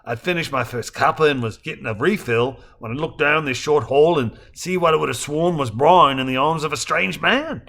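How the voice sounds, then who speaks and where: A man reading a novel aloud, voicing a rattled, anxious husband in a low, hushed, weary voice. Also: moderate pace, gravelly, few pauses.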